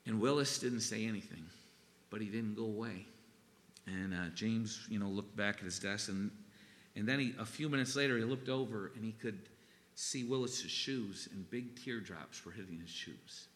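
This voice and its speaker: A man preaching a sermon in an earnest, halting way, with pauses and restarts. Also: fairly low pitch, in a large hall, slight background noise. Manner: earnest, halting, gets emotional and softens. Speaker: pastor.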